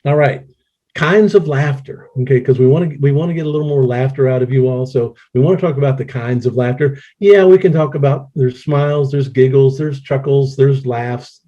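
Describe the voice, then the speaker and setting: A playful man in his sixties leads a laughter yoga session online with a mellow, relaxed tone. He jokes at his own expense and slips into laughter freely. The home computer mic gives the sound a dull, lo-fi quality. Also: mid-range voice, fairly quick. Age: 60s. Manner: jokey, playful, breaks into laughter. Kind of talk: casual online presentation. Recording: dull lo-fi audio.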